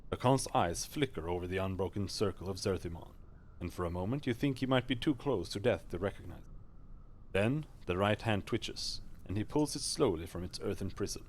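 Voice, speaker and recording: A male streamer reading a game's narration aloud live, steady with small slips and restarts. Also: low voice, moderate pace, slight background noise.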